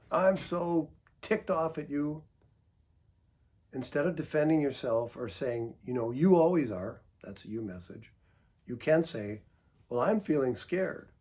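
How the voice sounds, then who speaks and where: A man counselor calmly giving advice, patient and gentle, explaining through examples. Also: mid-range voice, husky. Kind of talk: calm instructional talk.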